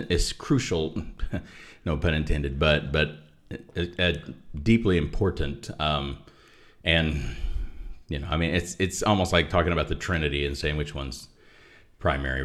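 A man's voice: very deep voice, a bit bright. A man, an author discussing his book, who talks thoughtfully with restarts and asides. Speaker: author and guest. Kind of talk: conversational theology discussion.

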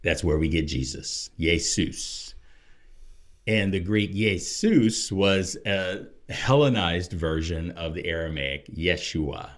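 Deep-voiced man explaining scripture. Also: fairly bright tone. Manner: explanatory, rising to emphatic preaching on key points. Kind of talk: casual Bible discussion.

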